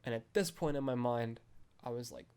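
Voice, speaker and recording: A man's voice: medium pitch, normal speed, mellow, clean tone. A young man hosting a podcast, reviewing a film in casual chat full of "like" and "um" fillers. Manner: rambling, heavy use of "like" and "um".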